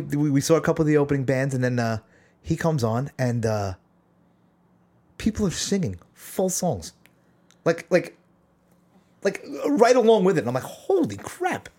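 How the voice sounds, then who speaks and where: A man's voice: medium pitch, animated, moderate pace, long pauses, a little mellow. A man, telling a rambling story in casual chat on a podcast, often restarting and chuckling. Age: 40s. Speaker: podcast co-host.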